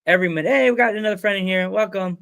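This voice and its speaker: A man's voice: sits high, rapid-fire, vocal fry, a bit bright, a little hiss or hum. An American man hosting a casual podcast chat, rambling with stumbles, restarts and frequent laughs. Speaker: podcast host.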